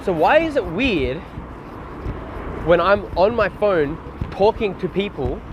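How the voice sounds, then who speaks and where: An Australian man rambles through a casual live stream, swearing easily as he talks to his chat. His voice sits a little high. He speaks into a phone outdoors, with wind and street noise clearly audible behind him. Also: sing-song, takes it slowly, lo-fi sound. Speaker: IRL streamer. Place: outdoors on windy city streets. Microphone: phone held while walking.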